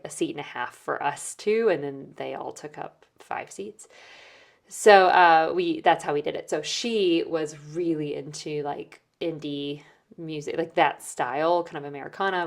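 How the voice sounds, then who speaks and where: A woman's voice: low voice, vocal fry. A woman hosting a podcast, telling a concert story in a casual, chatty way with lots of fillers. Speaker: podcast host.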